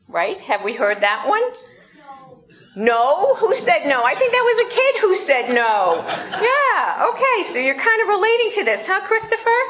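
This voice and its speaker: A woman pastor preaching slowly and conversationally, asking the congregation questions, in a dull, muffled recording. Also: extremely high pitch, sing-song, fairly bright tone. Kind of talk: sermon.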